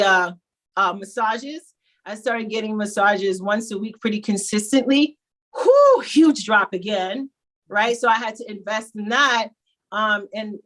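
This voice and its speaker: A woman guest telling her own story in a candid, animated, conversational way. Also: fairly high pitch. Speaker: program client and guest.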